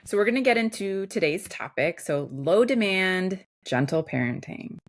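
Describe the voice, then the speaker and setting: A woman from Chicago with a Midwestern accent, co-hosting a podcast in relaxed, chatty talk full of fillers and laughs. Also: medium pitch, normal speed. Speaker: podcast co-host. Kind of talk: casual chat.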